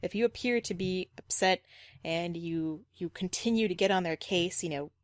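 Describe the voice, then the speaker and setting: A woman's voice: lowish voice, moderate pace, dry recording, clean studio sound. A woman dog trainer giving reaction commentary, critical and explanatory, repeating her points firmly.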